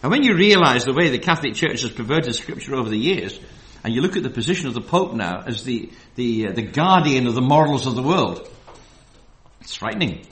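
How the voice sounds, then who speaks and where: A man preaching a Bible study sermon. He reads verses slowly and with emphasis, then drifts into loose, filler-heavy asides. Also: medium pitch, big pitch swings, a bit bright.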